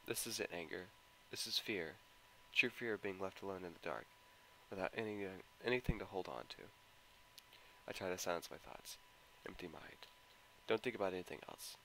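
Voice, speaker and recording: A man's voice: deep voice, expressive, fairly quick, creaky, fairly bright tone, a little hiss or hum, rough recording. A man giving a dramatic first-person narration of a visual novel with an emotional, anguished delivery. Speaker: visual novel mod reader. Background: guitar music.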